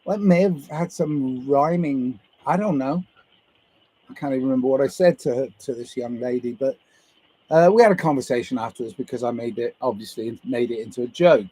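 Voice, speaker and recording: A man's voice: medium pitch, brisk, warm tone, husky, poor audio. A man livestreaming to viewers, musing his way through a loose, meandering monologue and swearing casually.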